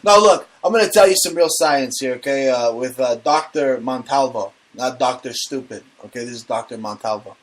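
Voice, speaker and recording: A man's voice: medium pitch, moderate pace, few pauses. A man hosting a casual comedic talk show, brash and profane, joking as he rants. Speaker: podcast host.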